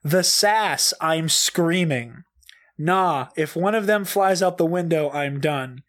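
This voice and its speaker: High-voiced man, profane comedic reading. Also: slow pace, fairly bright tone. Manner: profane, over-the-top and laughing often. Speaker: comedic reader. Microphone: desk mic, pushed back and turned down.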